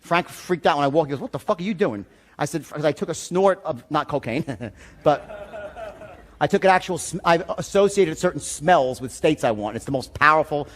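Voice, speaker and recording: A man giving a seminar talk as a sales trainer, telling stories in an animated, profane way. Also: a little high, moderate pace.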